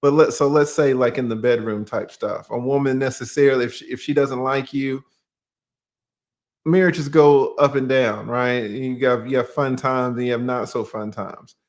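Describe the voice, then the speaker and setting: A man's voice: mid-range voice, fairly even intonation, moderate pace. A man with a Southern accent from Georgia, an attorney guest in a casual livestream chat, laid-back and asking rhetorical questions.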